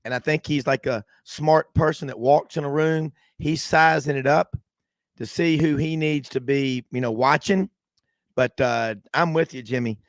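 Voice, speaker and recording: A man's voice: a little high, measured pace, no room sound. A man hosting sports radio in casual talk, jumping in eagerly and repeating words as he starts.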